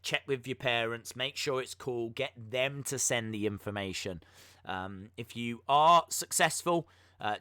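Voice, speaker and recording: A man's voice: mid-range voice, sharp tone, clean tone, no room sound, clean studio sound. A man hosting a wrestling podcast live stream, chatting casually and mocking himself, with lots of ums and uhs. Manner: chatty and self-mocking, with many filler words.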